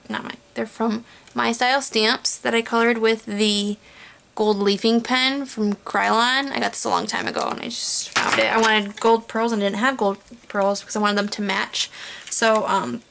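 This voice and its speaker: A woman narrating her card-making tutorial in a relaxed, chatty way, thinking aloud as she works. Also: mid-range voice, creaky. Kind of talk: casual crafting tutorial voice-over.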